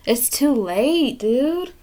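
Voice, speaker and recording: A woman's voice: high voice, warm tone. A woman doing a pick-a-card tarot reading, scolding the viewer bluntly with frequent swearing. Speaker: tarot reader.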